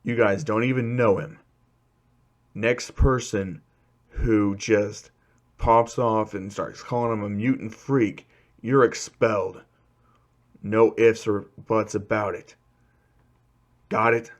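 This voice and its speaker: A man voicing a stern, gruff male homeroom teacher who barks blunt orders. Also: fairly low pitch, steady tone, slow pace, long pauses.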